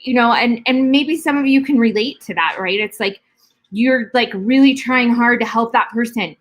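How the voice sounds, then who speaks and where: A woman's voice: a little high, normal speed, fairly bright tone, a little hiss or hum. Blunt, heated woman co-host. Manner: blunt, heated, swears freely. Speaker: podcast co-host. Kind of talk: candid casual chat.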